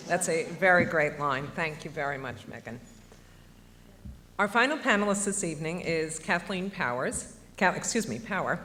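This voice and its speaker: Low-voiced woman moderating a panel. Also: a bit bright, a little hiss or hum. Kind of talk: formal introductions.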